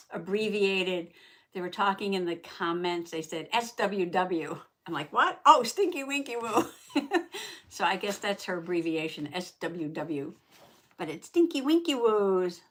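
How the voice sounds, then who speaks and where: A woman hosting a casual craft livestream, chatty and quick to laugh, reading out chat comments and repeating herself, with allergies that make her clear her throat. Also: on the low side, a bit bright. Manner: says howdy and reads chat comments aloud.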